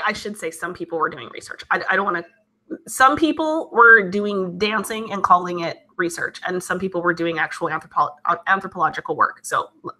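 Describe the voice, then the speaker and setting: Bright-voiced giggly woman chatting live. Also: medium pitch. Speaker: livestream host reading chat. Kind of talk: casual live chat.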